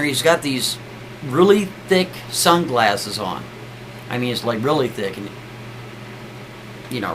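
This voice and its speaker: A man's voice: medium pitch, a bit bright, a little hiss or hum, rough recording. A man telling a story casually, chatty, often tagging sentences with a questioning aside. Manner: chatty, keeps adding "right?".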